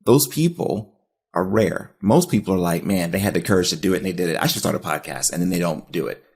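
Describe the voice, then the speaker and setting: Husky earnest man hosting a podcast. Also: low voice, expressive, fast. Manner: earnest, emotional, motivational. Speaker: podcast host. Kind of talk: heartfelt interview talk.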